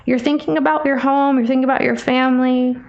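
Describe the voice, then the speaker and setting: A woman's voice: high-pitched, fairly even intonation, fast, creaky, a little mellow, lo-fi sound. A woman giving a casual tarot reading, chatty and teasing, calling the listener babe. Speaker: tarot reader.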